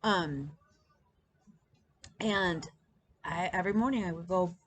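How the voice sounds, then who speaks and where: A woman's voice: fairly low pitch, slow pace, slight background noise. A woman in her thirties chatting casually to camera as a stitching vlog host, rambling with many ums and restarts. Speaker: flosstube host.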